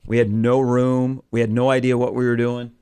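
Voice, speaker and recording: A man's voice: mid-range voice, little pitch movement, normal speed, warm tone, smooth. Man, sports radio host, casual rambling talk, lots of ums and uhs. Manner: rambling, many filler words.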